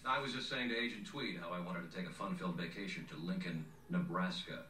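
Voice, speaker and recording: Brief: a fast, low-voiced sarcastic agent interrogating, film sound from afar in a roomy space. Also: male voice, pushed and bright. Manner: accusing, sarcastic. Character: aggressive male federal agent interrogator, sarcastic. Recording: film audio heard from far off in an echoey room with noise.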